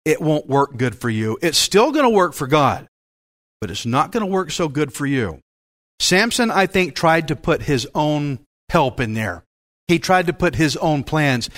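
A man preaching a Bible-teaching sermon as pastor, in a folksy, joking and animated way. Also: on the high side, unhurried.

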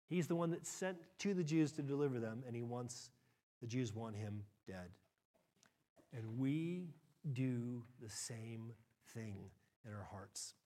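A middle-aged man preaching a sermon, acting out quotes with big leaps in pitch and moving between quick and slow delivery. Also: lively intonation, warm tone. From United States. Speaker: pastor.

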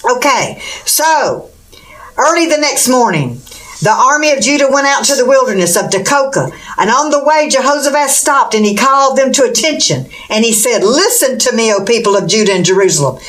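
Woman, preacher, sermon, fervent, exclamatory, rhetorical questions, fairly high voice. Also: animated, brisk, few pauses, fairly bright tone.

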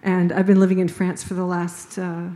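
A woman's voice: fairly low pitch, monotone, normal speed, dark tone. Chatty laughing woman at a panel. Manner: chatty, laughs often between phrases. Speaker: panel participant. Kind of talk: casual spontaneous remarks.

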